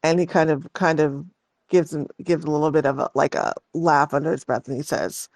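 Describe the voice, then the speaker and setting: A woman narrating as game master of a tabletop game, unhurried and halting with restarts. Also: deep voice, fairly even intonation, darkish tone, no echo.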